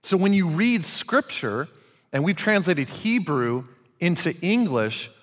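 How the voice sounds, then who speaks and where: A pastor preaching a conversational sermon, speaking animatedly and calling on the congregation to respond. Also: male voice, a little high, slow pace. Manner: animated, conversational preaching with audience call-outs. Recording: long hall reverb.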